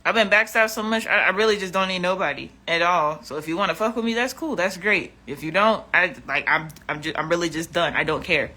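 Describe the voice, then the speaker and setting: A woman's voice: lowish voice, a little fast, hardly any pauses, bright, forceful tone. Blunt, exasperated woman vlogger. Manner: blunt and profane, exasperated, repeats herself. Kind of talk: casual livestream rant.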